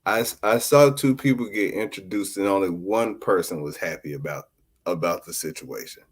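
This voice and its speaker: A man's voice: deep voice, moderate pace, husky. A man hosting a podcast, telling a story in casual chat and laughing often as he talks. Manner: laughs often while talking, animated and joking. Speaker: podcast host.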